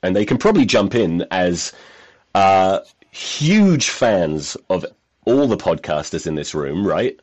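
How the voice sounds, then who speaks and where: Lively deep-voiced male podcast host. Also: slow pace. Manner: rambling storyteller, self-mocking, swears freely. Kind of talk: casual chat.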